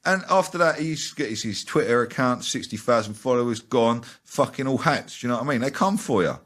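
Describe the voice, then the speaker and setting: A young man, talking fast as an interview guest, ranting and swearing heavily in casual chat. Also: mid-range voice, a bit bright.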